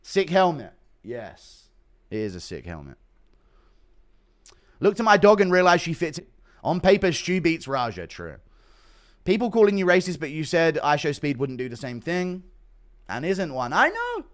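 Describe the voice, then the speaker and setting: Animated man live-streaming. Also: fairly high pitch, moderate pace, long pauses. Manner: animated, swears casually, reads donations aloud. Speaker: livestreamer reading chat. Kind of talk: casual livestream chat.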